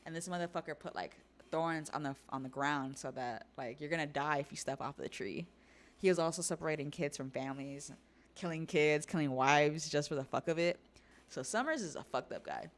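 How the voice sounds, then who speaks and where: A woman's voice: low-pitched, a little fast, slight background noise. Chatty, profane woman recapping episodes. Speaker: stream host. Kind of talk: casual episode recap and discussion.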